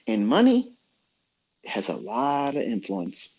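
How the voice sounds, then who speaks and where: A man's voice: mid-range voice, huge pitch swings, takes it slowly, pauses often, slightly rough. A middle-aged man talking as a trading mentor in a blunt, profane, preachy rant. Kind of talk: unscripted rant. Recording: dull lo-fi audio.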